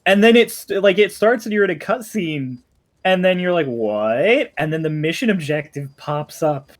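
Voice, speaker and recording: Animated man telling stories, slightly high voice. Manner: animated storyteller, quick to laugh. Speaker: guest on a stream. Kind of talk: casual chat while gaming.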